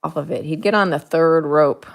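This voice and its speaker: A woman's voice: deep voice, moderate pace, vocal fry. A woman artist talking casually to the viewer as she paints, chatty, playful and thinking aloud. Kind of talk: casual narration while painting.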